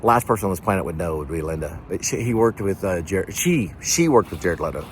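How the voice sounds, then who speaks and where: Low-voiced guy rambling on in a car, lots of uh's, faint hiss behind. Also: lively intonation, brisk. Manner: rambling, digressive storytelling with many fillers. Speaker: vlog host. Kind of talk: rambling casual chat.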